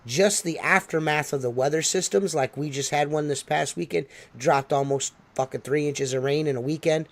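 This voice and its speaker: A man's voice: on the high side, moderate pace. Profane, emphatic podcast host man. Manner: profane, emphatic, loose talker. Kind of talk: casual podcast chat.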